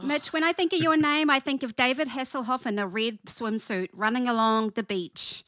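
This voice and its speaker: A woman's voice: fairly high pitch, steady tone, moderate pace, a bit bright, no echo, studio quality. A woman on a casual podcast panel, joshing and teasing the others. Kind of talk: casual group banter.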